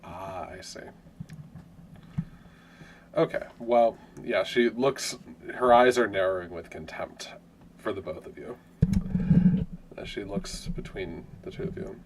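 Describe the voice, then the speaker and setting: Man, game master, casual rambling narration, deep voice, tabletop game. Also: takes it slowly, long pauses, noisy background.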